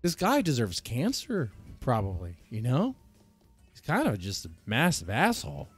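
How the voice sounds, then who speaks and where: A man's voice: mid-range voice, wildly swooping pitch, moderate pace, husky, soft background music. A man streaming and reacting to a video clip, commenting in a laid-back, sarcastic way.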